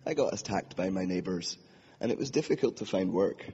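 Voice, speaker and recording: Low, mellow and slightly breathy, the man's voice moves a little fast with lively intonation. Standing at a hall podium, he preaches an earnest personal testimony and performs the inner voices of his tale, captured in dull lo-fi sound with a long hall reverb.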